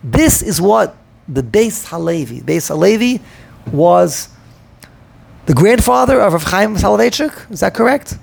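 A man with a gravelly, husky voice delivering a Talmudic lecture. He thinks out loud, circles back and repeats words as he builds his argument, and peppers his English with Hebrew terms. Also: sits high, big pitch swings, measured pace. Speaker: rabbi teaching a class.

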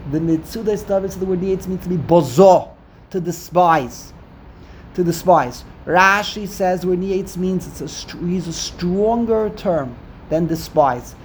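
A man's voice: high voice, a little slow, a little hiss or hum. Man teaching a grammar lesson, repeating himself. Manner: explains by repetition, urging listeners to look. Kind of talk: Hebrew grammar study class.

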